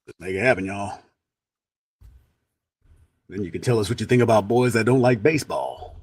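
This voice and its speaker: Husky-voiced man cracking jokes. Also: on the low side, no echo. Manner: laughs often, quick quips. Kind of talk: casual live-stream chat.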